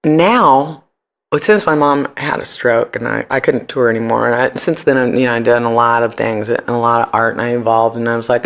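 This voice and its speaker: A middle-aged man as a podcast guest, telling stories in a brash, profane, animated way. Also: medium pitch, a little fast, vocal fry. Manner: brash, profane, animated, jumps into voices for quotes. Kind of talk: casual interview storytelling.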